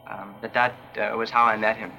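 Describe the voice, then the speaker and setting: A man recounting a meeting in a documentary interview, speaking hesitantly with many pauses and a wry tone. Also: lowish voice, level tone, vocal fry, bright, forceful tone, faint music behind, low-quality recording.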